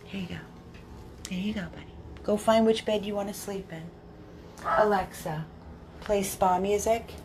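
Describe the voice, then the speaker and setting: A woman's voice: mid-range voice, steady tone, normal speed, long pauses, heavy background noise. A woman, a dog rescuer, filming one-handed on her phone at home at night, cooing to her dogs in sing-song baby talk and chatting casually to viewers. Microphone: handheld phone, filmed one-handed.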